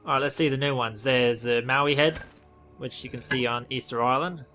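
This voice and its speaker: Australian man, casual game commentary, rambling, self-correcting, bright tone, mid pitch. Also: fairly even intonation, moderate pace, faint music behind. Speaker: gaming video host.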